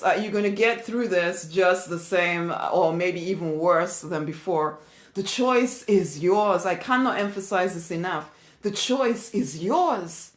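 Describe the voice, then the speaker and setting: A woman giving a spiritual motivational talk, emphatic, often repeating her key phrases and laughing as she speaks. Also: mid-range voice. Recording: roomy echo.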